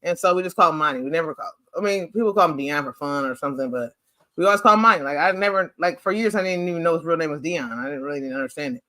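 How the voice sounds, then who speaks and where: A man hosting a casual chat over family photos, animated and playful, rambling with lots of "like". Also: on the high side, very fast, dry recording. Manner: rambling, chatty, heavy use of "like". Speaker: host.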